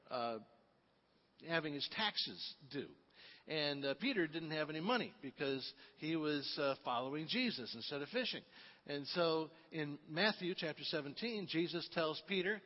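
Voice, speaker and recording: A man preaching a sermon in a relaxed, storytelling way, with frequent fillers. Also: on the high side, moderate pace. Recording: reverberant, dull lo-fi.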